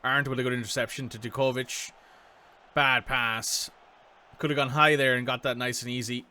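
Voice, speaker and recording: A man's voice: medium pitch, fairly even intonation, moderate pace, bright, forceful tone. A man casually commenting as he plays a football management game, thinking aloud and reacting to the match. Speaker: gaming streamer. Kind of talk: casual let's-play commentary.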